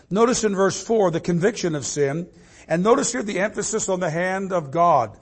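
An older man preaching from the pulpit in a notably high voice. He quotes scripture in old-fashioned wording and swings between forceful emphasis and quiet, low asides. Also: lively intonation, normal speed. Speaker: pastor. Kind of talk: sermon.

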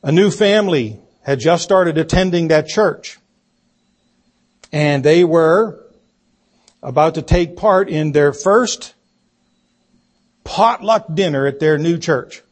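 A man preaching a sermon, telling a story slowly and deliberately and acting out the quoted voices. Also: on the high side. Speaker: pastor.

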